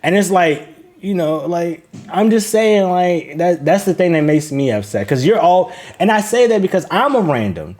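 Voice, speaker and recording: A man's voice: sits high, animated, moderate pace, a little mellow. An American man in casual chat as a streamer and co-host, talking bluntly with a lot of cursing. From United States. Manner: blunt, profane, laid-back, laughing.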